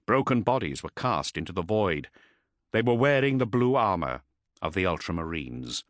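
Low-voiced man narrating dramatically. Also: normal speed, no echo, studio quality. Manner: expressive, dramatic storytelling. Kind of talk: scripted audiobook narration.

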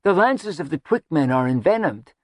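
A man's voice: on the high side, expressive, dry recording, studio quality, pitched above the performer's own voice. A man voicing a sardonic woman who speaks darkly and mockingly, telling old lore in a storybook reading. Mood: wry. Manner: brooding, mocking, drawn-out. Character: dark-spoken sardonic woman, lore-teller.

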